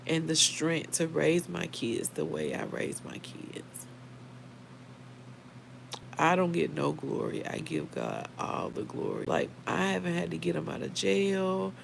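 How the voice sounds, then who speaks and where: Very gravelly woman livestreaming. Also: low-pitched, slight background noise, poor audio. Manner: heartfelt, talks straight to viewers by name. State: emotional. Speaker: livestream host. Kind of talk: casual livestream chat.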